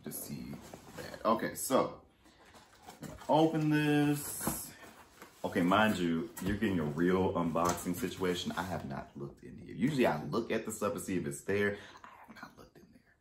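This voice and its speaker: A man vlogging a casual storytime and unboxing, animated, jumping between loud exclamations and muttered asides. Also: sits low, normal speed, echoey room, background noise. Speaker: fashion haul vlogger.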